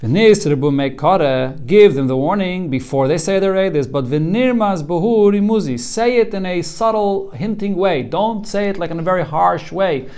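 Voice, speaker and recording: A man's voice: high-pitched, expressive, normal speed, hardly any pauses, darkish tone, clear, resonant tone. A man, a rabbi, teaching a Talmud class, walking students through the text line by line in an earnest way, often repeating a word as he starts a thought.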